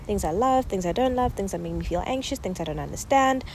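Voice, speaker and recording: A woman's voice: medium pitch, lively intonation, fast, a little mellow, slight background noise. A South African woman in her twenties hosting her podcast in a bubbly, chatty way, out of breath while lying on a yoga mat outdoors. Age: 20s. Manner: bubbly, affectionate, chatty with many fillers. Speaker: podcast host. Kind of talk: casual reflective chat.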